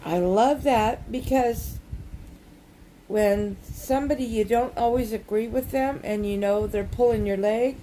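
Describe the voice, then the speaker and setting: A woman talks slowly and chats casually as she works on a craft project. Her voice is mellow and fairly high, and she rambles in a folksy, joke-telling way. A faint hum sits behind her. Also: poor audio. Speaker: crafting vlogger. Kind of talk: casual chat while crafting.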